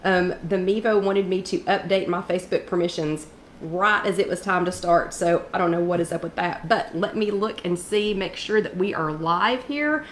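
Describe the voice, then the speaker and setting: A woman's voice: fairly low pitch, normal speed. A chatty woman hosts a casual live chat, stopping often to greet viewers by name. Her throat sounds a little scratchy from allergies. The room is echoey, with faint background noise. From East Tennessee. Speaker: host of a live wellness chat.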